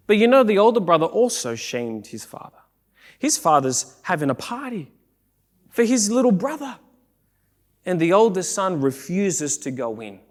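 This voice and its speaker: Lively, high-voiced male preacher. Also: normal speed. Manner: animated preaching, acting out quoted voices, rising to shouts. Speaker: pastor. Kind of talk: sermon. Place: church sanctuary.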